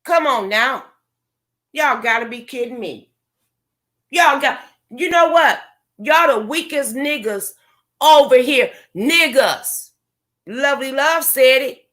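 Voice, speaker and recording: A woman's voice: high-pitched, animated, slow, pauses often, a bit bright. A woman vlogger, delivering a profane, confrontational rant to her viewers. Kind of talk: angry rant to camera.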